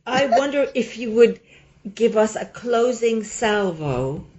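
A woman hosting an interview podcast, speaking in a measured, formal, slightly halting way. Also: fairly high pitch, lively intonation, a little mellow. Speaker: podcast host. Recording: dull, lo-fi sound.

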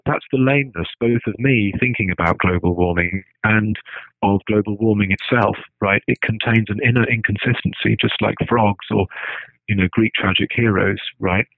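Brief: a male speaker in a reflective talk, lowish voice, hesitant restarts, dry close sound. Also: no echo. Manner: thinks aloud, tags points with "right?", frequent restarts. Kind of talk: lecture-style talk. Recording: dry tinny phone-like sound.

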